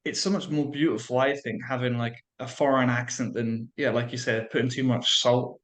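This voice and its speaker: A man's voice: mid-range voice, steady tone, moderate pace, fairly bright tone. Chatty British man hosting. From Britain. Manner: chatty, many likes and restarts. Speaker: language coach and host. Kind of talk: casual video chat.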